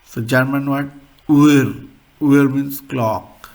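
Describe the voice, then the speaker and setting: Male teacher, slow and halting delivery, gravelly edge; repeats words as he explains sounds. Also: mid-range voice, steady tone. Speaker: language teacher. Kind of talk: beginner language lesson.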